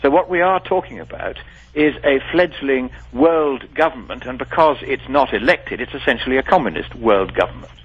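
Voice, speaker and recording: Man, husky voice, formal emphatic guest, lo-fi radio sound. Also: medium pitch, expressive, normal speed. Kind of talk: radio interview. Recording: dull lo-fi radio broadcast.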